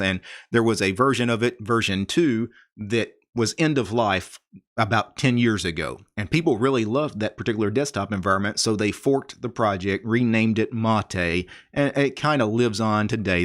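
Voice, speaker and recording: A middle-aged man hosting a tech channel, walking through a software tutorial in a relaxed, explanatory way with nerdy asides. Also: fairly low pitch. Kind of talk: screen-recorded software tutorial.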